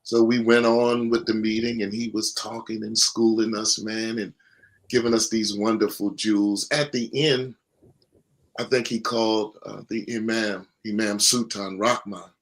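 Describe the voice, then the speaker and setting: Gravelly low-voiced man telling his story. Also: little pitch movement, measured pace. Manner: earnest, folksy storytelling with fillers. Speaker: student minister, guest. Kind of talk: storytelling interview testimony.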